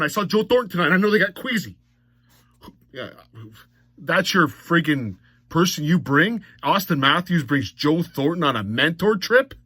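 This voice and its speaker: A man's voice: a little high, sharp tone, dry recording. A man recapping a hockey game in a blunt, mocking monologue that rises to exasperated outbursts. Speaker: hockey commentator.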